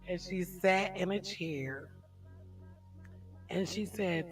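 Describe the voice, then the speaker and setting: A middle-aged woman hosting a casual livestream chat, telling stories in an animated way and laughing often. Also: on the low side, takes it slowly, distant mic, soft background music. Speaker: livestream host.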